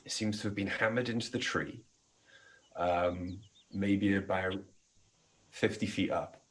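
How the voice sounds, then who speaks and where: A man running a tabletop game as game master, describing scenes in measured narration with frequent ums. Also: deep voice, steady tone, a bit bright, a little hiss or hum, low-quality recording.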